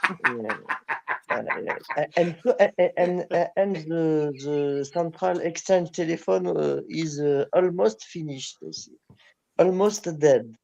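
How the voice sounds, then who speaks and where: A man, speaking haltingly in a casual group chat over a video call. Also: a little high, vocal fry, warm tone, highs cut off, slight background noise. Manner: hesitant, halting. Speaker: guest in a live chat.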